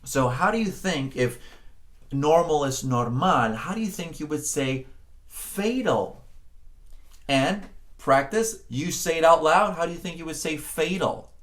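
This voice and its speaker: A man teaching a Spanish pronunciation lesson, encouraging the learner, often checking in with "okay?", and drawing out words slowly to model them. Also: on the high side, expressive, a bit bright. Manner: slow, drawn-out words when modeling sounds. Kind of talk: spoken language lesson.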